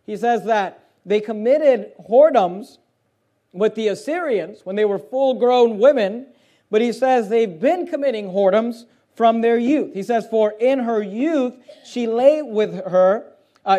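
High-pitched forceful male preacher. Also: measured pace. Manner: forceful, emphatic, shifts between loud preaching and quieter reading. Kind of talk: fiery sermon with scripture reading.

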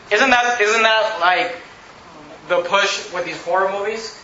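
A man's voice: high voice, normal speed, pushed and bright, a little hiss or hum. A pastor preaching a sermon emphatically, mocking his listeners with put-on quotes. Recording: roomy, slightly dull recording.

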